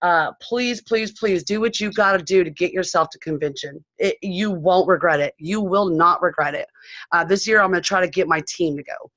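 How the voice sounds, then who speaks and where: A woman's voice: fairly low pitch, moderate pace, a bit bright, no echo. A woman from San Diego sharing a bubbly, rambling recap of a convention on a video call. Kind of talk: excited casual chat on a video call. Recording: dull, dry video call audio.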